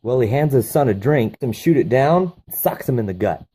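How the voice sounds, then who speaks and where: A man's voice: medium pitch, animated, normal speed, warm tone, husky. A man reviewing a movie, recapping the plot casually with profane enthusiasm.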